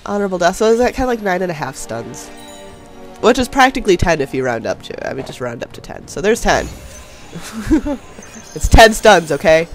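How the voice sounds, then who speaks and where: Stuffed up from a cold, a young man with a high-pitched voice narrates his gameplay fairly quickly and in a very animated way. His casual voice-over commentary is chatty and self-deprecating, full of laughter, with faint music playing in the background.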